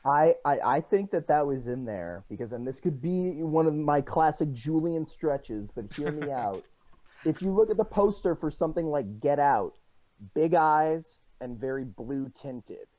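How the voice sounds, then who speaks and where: A man with a lively, moving pitch talks through his points in a casual movie chat, starting hesitantly and then reasoning them out. His mic sounds dry and a little dull. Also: moderate pace, dry recording. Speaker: podcast co-host.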